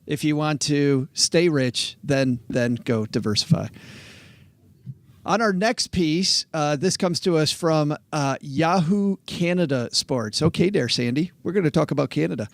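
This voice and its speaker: A man's voice: on the high side, slow, dry recording. A man co-hosting a casual money chat show, chatty and reading news pieces aloud. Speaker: podcast co-host. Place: phone booth studio.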